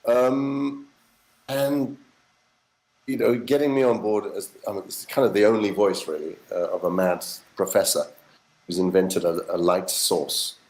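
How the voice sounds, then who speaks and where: A middle-aged man, a voice actor, telling animated stories in a casual interview, acting out quotes and swearing now and then. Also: lowish voice, unhurried, rough recording. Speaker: voice actor guest.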